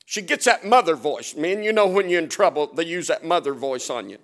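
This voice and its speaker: A man preaching with a somewhat high-set voice. He tells homespun stories with humor, chuckling as he goes. He rises to loud emphasis, then drops to a near hush. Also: lively intonation, brisk. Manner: folksy and humorous, swinging from loud to hushed; often chuckles while telling stories. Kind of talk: storytelling sermon.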